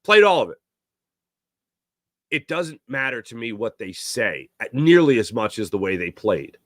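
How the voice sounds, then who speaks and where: A man hosting a solo sports talk show, rambling and opinionated, with fillers and self-corrections, growing louder and higher as he gets worked up. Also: lively intonation, moderate pace, no echo, clean studio sound.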